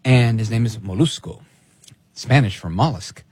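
A man hosting a talk radio show, giving opinionated commentary in a sarcastic, animated way. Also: mid-range voice, normal speed, breathy edge, dry recording. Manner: animated and sarcastic, mimics people in quoted asides.

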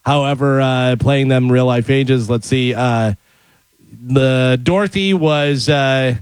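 A man in a casual chat, reading out facts with hesitant pauses and "uh"s. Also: medium pitch, clean tone, dry recording, poor audio. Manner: reads out facts with hesitant uhs.

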